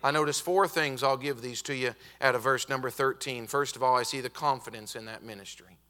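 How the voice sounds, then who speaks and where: A man preaching a revival sermon as a visiting preacher, emphatic and stretching out key words, building up to shouted peaks in a church auditorium. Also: medium pitch. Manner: emphatic, building to shouted climaxes with drawn-out stresses; often says "hey, listen" to the congregation.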